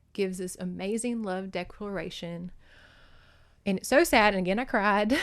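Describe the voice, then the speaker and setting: Casual woman host gushing over a book, mid pitch, emotional delivery, salty language. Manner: animated and emotional, swings between loud and soft; laughs and curses freely. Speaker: podcast host. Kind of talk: casual book recap monologue. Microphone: phone.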